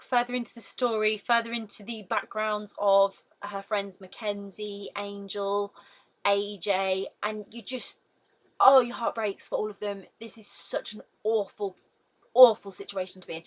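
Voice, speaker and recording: A woman's voice: mid-range voice, a bit bright, low-quality recording. A young woman giving a casual, emotional video book review, gushing and full of "like" and "literally".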